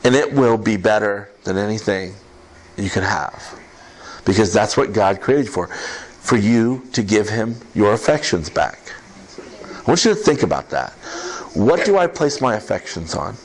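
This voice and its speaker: Male pastor, lively conversational sermon, very expressive pitch, slight background hiss. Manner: animated, conversational preaching with laughs and quick asides. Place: church service with congregation.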